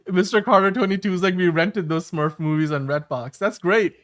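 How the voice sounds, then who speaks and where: A man's voice: high-pitched, brisk. A man hosting a live-stream show, reading viewer comments in an easygoing way. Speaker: host. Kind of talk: casual live-stream chat.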